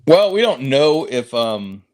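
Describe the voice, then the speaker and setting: Casting: male podcast co-host, middle pitch, reflective and measured, laughs easily. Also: sing-song, darkish tone, a little hiss or hum. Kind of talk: casual chat.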